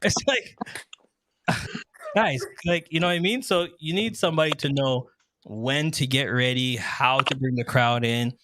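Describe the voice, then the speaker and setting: A man hosting a casual show, talking in an animated, joking way and laughing often, on a close handheld microphone. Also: medium pitch, unhurried, background noise. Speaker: host and wedding MC. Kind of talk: casual talk show chat.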